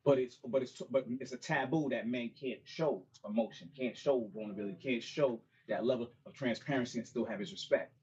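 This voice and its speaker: A middle-aged man with a husky, slightly rough voice speaks casually to a small gathered crowd as an author and mentor. His talk is loose and conversational, dotted with "you know what I mean." The recording is dull and lo-fi. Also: medium pitch, a little fast, hardly any pauses, darkish tone. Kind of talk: casual talk and a cappella spoken-word song. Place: bookstore event with a small live audience.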